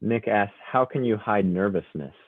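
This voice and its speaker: A man's voice: lowish voice, lively intonation, moderate pace, no room sound. A man moderating a virtual workshop, briefly relaying questions from the chat over a video call. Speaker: event moderator. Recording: tinny video-call audio, faint radio.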